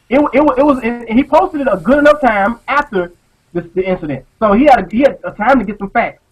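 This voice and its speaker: High-voiced man ranting profanely on a live show. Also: dull audio. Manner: profane, animated, repeats words. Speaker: podcast co-host. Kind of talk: casual live-show rant.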